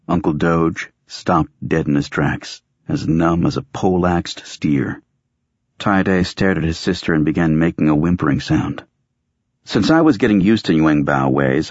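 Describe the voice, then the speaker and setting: A man narrating a novel in the first person, with measured, wry storytelling. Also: very deep voice, darkish tone, husky, no echo. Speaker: audiobook narrator. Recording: dry, dull muffled audiobook recording.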